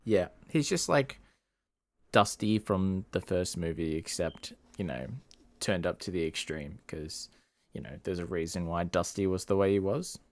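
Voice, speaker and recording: Rambling low-voiced man, podcast chat. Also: unhurried. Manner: rambling, lots of fillers and laughs. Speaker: podcast co-host. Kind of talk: casual movie review chat.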